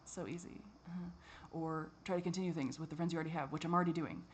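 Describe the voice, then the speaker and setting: A man's voice: a little high, fast talker, slight background noise. Tired man muttering and swearing. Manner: rambling, heavy swearing, drifting into mutters and whispers. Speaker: vlogger. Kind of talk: rambling personal vlog.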